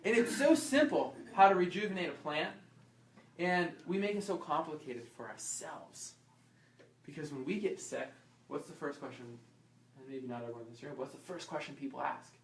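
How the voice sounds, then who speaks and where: Man with a higher voice, chiropractor running a class, quizzes the room, roomy echo, off-mic. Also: normal speed, slight background noise. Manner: lively, asks the audience questions and acts out little scenes. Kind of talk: informal health class talk. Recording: echoey room, voice from far off.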